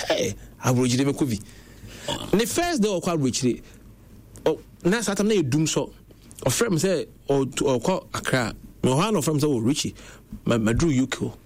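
Animated Ghanaian man telling stories. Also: fairly high pitch. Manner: animated, switching between Twi and English. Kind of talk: casual conversational storytelling. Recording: faint background noise.

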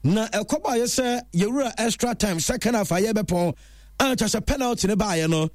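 A man presenting a chatty football news roundup in an animated storytelling way. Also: high-pitched, normal speed, no echo, studio quality.

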